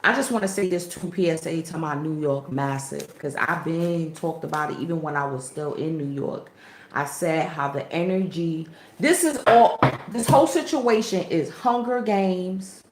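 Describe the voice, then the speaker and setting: A woman spiritual reader in casual chat to camera, animated and slangy, with preachy asides. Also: low-pitched. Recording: echoey room.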